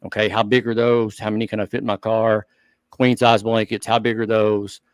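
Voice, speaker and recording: A man co-hosting a hobby talk show, speaking earnestly and thinking out loud in casual chat. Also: on the low side, flat delivery, moderate pace, clear, resonant tone, dry recording. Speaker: show co-host.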